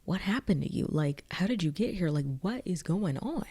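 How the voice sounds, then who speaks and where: A woman's voice: lowish voice, lively intonation, normal speed, mellow, husky. A woman voicing a frightened, anxious teenage girl who asks pleading, breathless questions while she recaps a film. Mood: worried.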